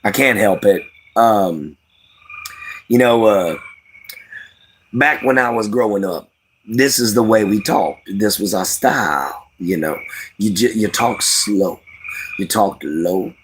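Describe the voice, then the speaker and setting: A man's voice: fairly low pitch, slow, long pauses, a little hiss or hum. A tired man from Louisiana with a light Cajun accent, chatting casually and folksily as a live-stream host, rambling with lots of fillers. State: tired from lack of sleep.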